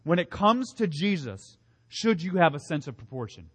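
A man's voice: on the high side, very animated, normal speed, fairly bright tone, slightly rough. A male pastor preaching a sermon in an earnest, emphatic way, asking rhetorical questions and repeating key phrases.

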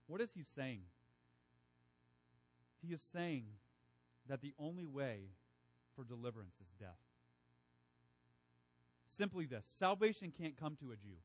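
A man's voice: medium pitch, sing-song, unhurried, long pauses, poor audio. A man preaching a sermon with emphatic, repetitive phrasing. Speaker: pastor.

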